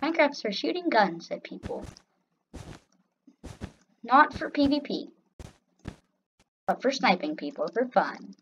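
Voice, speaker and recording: A woman's voice: fairly high pitch, sing-song, a little slow, pauses often. A young woman commenting on her own gameplay, swinging between mock cheer and grumbling complaints. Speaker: gaming YouTuber. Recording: slightly dull lo-fi audio with faint noise.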